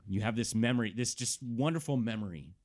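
A man narrating as game master of a tabletop game, telling the scene in an animated way and stretching out words. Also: mid-range voice. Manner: animated storytelling, drawn-out words.

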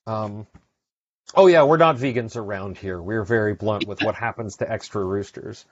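A man's voice: lowish voice, normal speed, no echo. A man hosting a podcast, chatting casually and rambling with lots of fillers and restarts. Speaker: podcast host. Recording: dry, dull lo-fi sound.

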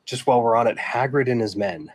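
A man's voice: medium pitch, fast talker, no room sound. A man co-hosting a casual fan podcast, who talks eagerly and acts out lines from the show. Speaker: podcast co-host.

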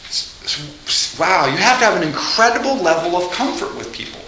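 Animated high-voiced male lecturer. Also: brisk. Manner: animated, acts out quoted dialogue with laughs. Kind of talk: classroom lecture. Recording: echoey room with faint noise.

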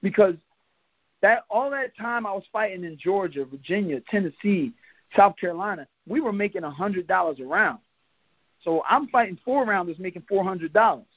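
Here a podcast guest, once a boxer and from Philadelphia, USA, tells stories in a relaxed interview at a moderate pace. He has a high male voice, laughs often, and animates his tales by acting out what people said. The recording is dull lo-fi podcast audio without room sound.

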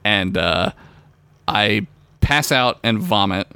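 A man's voice: fairly low pitch, slow, creaky, clean tone, no echo. A young man co-hosting a podcast, telling a story in casual, profane chat and laughing often. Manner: animated storytelling, swears often, laughs a lot. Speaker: podcast co-host.

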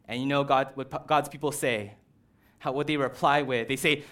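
Casual, animated male preacher. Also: mid-range voice, normal speed. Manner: casual, animated, uses "like" and "right". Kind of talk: conversational sermon.

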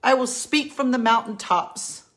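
A woman's voice: a little high, measured pace, a bit bright. A woman giving a heartfelt faith talk to her women followers, earnest and pleading, repeating her key lines for emphasis. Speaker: Christian women's encourager.

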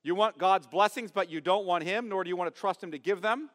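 A man preaching a sermon as pastor, emphatic, asking his congregation questions and swinging from loud stress to quiet asides. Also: high voice, a little fast, in a large hall. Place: church sanctuary.

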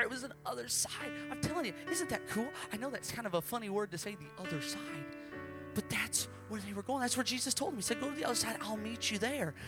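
A man preaching at a children's service, telling the story dramatically and shouting out acted quotes. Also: high voice. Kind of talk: interactive children's sermon.

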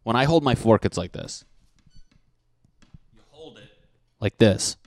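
A man hosting a podcast, ranting in a casual, profane and animated comic way into a handheld microphone. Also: on the low side, measured pace. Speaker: podcast host. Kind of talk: casual comedic rant.

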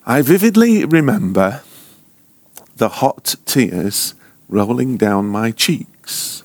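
Slow, expressive male preacher telling a story. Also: medium pitch, no echo. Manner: slow, dramatic telling that drops to near-whispers. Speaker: ministry school teacher. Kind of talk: sermon storytelling.

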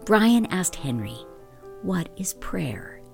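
A woman hosting a podcast, reading a calm, gentle scripted intro and outro. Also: lowish voice, takes it slowly, creaky. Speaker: podcast host. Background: music.

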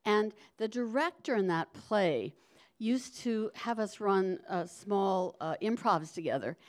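A woman's voice: medium pitch, animated, slow. A woman telling a rambling personal story live on a theater stage, often backtracking, with a wry edge. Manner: rambling, self-interrupting, wry.

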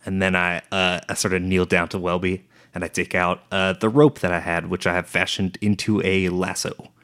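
Man, tabletop player, very deep voice, flat monotone, unhurried, in character. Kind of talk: playing a character in a tabletop game.

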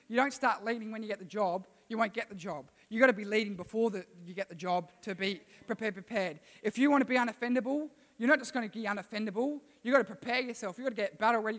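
A man preaching to a youth group in a casual, energetic way and calling on listeners to respond. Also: high voice. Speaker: youth pastor. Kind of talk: sermon. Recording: reverberant hall.

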